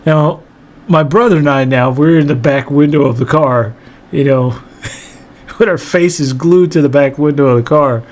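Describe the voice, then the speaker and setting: A man telling a funny story from his childhood, animated and profane, often laughing as he goes. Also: a little high, unhurried. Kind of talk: comedic storytelling monologue.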